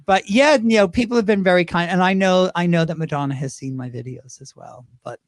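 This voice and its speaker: A British drag performer with a high male voice tells stories in a casual interview. He's animated, slips into quick impressions, and laughs as he talks, with no room sound on the recording.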